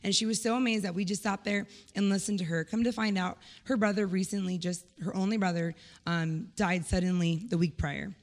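A woman's voice: mid-range voice, steady tone, a little fast, hardly any pauses, a little mellow. An earnest woman gives a heartfelt church testimony in a conversational way. Her voice rings with a long hall reverb, as if picked up in a large sanctuary. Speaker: church member sharing a testimony.

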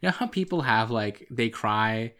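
A man's voice: mid-range voice, animated, moderate pace, bright, forceful tone. Young man telling a rambling story. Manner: rambling storyteller, insists on finishing his point. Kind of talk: casual chat.

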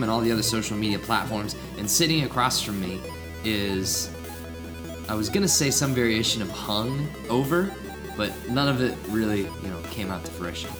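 A man's voice: on the low side, animated, a little fast, music in the background. A young man hosting a casual podcast, chatty and laid-back, rambling a little. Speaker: podcast host.

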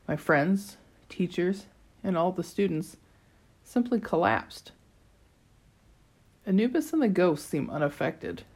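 An audiobook narrator reads a chapter aloud as scripted first-person narration, her tone dry and wry. Her voice is lowish, darkish and husky.

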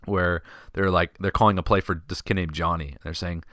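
A man hosting a podcast, telling a story in a casual, animated, self-deprecating way. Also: low voice, normal speed, no echo, studio quality. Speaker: podcast host.

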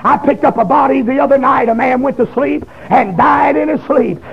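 A man, preaching a testimony sermon in a folksy storytelling way that breaks into shouting. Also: very high voice, normal speed, gravelly, slightly rough. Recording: dull lo-fi recording.

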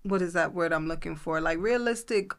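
A woman with a New York accent co-hosting a casual podcast chat, animated and opinionated. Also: on the low side, brisk. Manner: animated, switches to loud playful outbursts. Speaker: podcast co-host.

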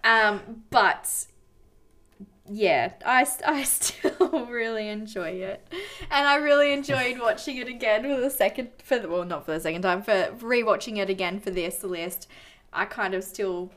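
A woman's voice: mid-range voice, a little slow, a bit bright. A woman co-hosting a casual movie chat, hesitant with many fillers as she defends the film. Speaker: co-host.

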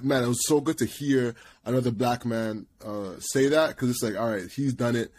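Animated, laughing male podcast co-host. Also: mid-range voice, normal speed. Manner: animated, laughs often, repeats words, acts out quotes loudly. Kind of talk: casual storytelling chat.

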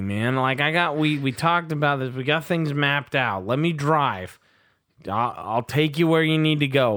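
A man's voice: a little high, a bit bright, no room sound, studio quality. Blunt man steering a sports chat. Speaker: podcast co-host.

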